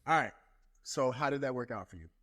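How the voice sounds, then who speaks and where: A man's voice: medium pitch, lively intonation, a little fast, a bit bright. A man who is a guest on a casual podcast, giving blunt, matter-of-fact advice with some swearing.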